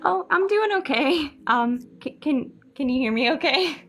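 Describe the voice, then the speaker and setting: A woman's voice: high voice, animated, a little slow, soft background music. A young woman calling in to a live stream to share a paranormal story, sounding nervous and hesitant, with many fillers and restarts. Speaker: caller sharing a paranormal story.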